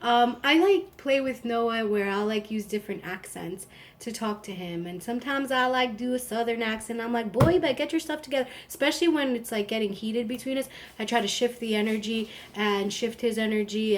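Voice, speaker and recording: A woman's voice: a little high, a little hiss or hum. A woman in her thirties hosting a live stream, casual and rambling, with lots of "like". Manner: chatty, rambling, frequent "like". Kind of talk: casual chat.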